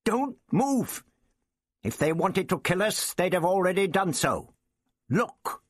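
A man's voice: on the low side, big pitch swings, takes it slowly, gravelly, husky, no echo, studio quality, heavily acted. A man voicing an irascible elderly male time traveller who barks commands impatiently. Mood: urgent.

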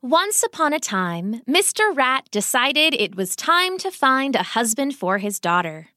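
A woman reading a children's storybook aloud in an expressive, gentle way. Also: high voice, unhurried, no room sound, studio quality.

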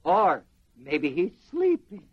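Animated high-voiced preacher. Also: male voice, slow, breathy edge. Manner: animated, quizzing the congregation. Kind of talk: sermon. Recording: dull lo-fi sermon recording.

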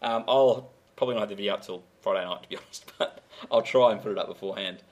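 A man's voice: lowish voice, rapid-fire. An Australian man hosting a podcast in casual banter, joking and laughing with his co-host. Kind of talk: casual chat.

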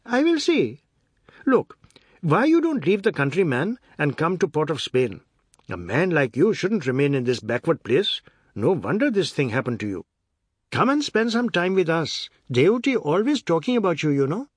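A man's voice: fairly high pitch, big pitch swings, normal speed, husky, no echo, clean studio sound, pitched above the performer's own voice. A man doing a brash, boastful warden. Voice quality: boastful, pushy. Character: brash loud male city asylum warden.

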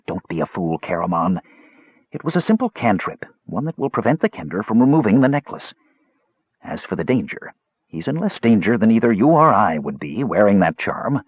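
A man voicing a frail male mage who speaks softly, quietly and with cool disdain. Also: fairly low pitch, sing-song, moderate pace, slightly rough, no room sound, lo-fi sound. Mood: grave. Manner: soft, quiet, cool and dismissive. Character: soft-spoken frail male mage, cold and cutting. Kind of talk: audiobook character voice.

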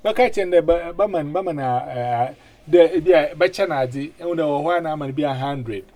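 A man hosting a casual radio chat, animated and full of 'eh' fillers and repeated words. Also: on the high side, moderate pace. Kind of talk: casual chat in mixed languages.

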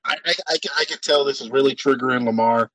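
A man chatting casually on a podcast panel, animated and rambling, quick to laugh. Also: medium pitch, a loud crowd, poor audio. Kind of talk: casual group chat ranking cartoon characters.

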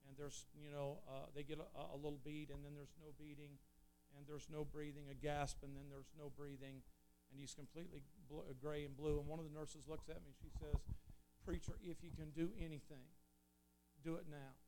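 A preacher telling an earnest story in a sermon, swelling loud and then dropping low. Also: male voice, level tone, brisk, slight background noise. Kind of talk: sermon testimony.

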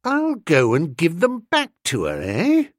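A man voicing an excitable young upper-class gentleman who talks in an eager, exclamatory way. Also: fairly high pitch, a little slow, no echo, clean studio sound, pitched above the performer's own voice, full character voice. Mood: excited.

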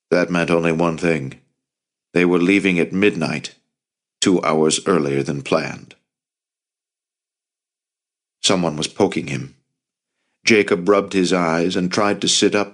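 A man narrating an audiobook in a measured storytelling manner. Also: low-pitched. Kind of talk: scripted narration.

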